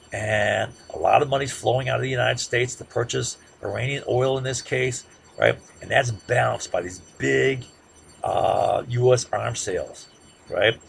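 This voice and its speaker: A man giving a classroom lecture in a conversational way, often checking in with "right?" and growing loud and heated as he makes his points. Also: mid-range voice, gravelly, slight background noise. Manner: conversational, peppers sentences with "right?"; gets loud and heated when making a point.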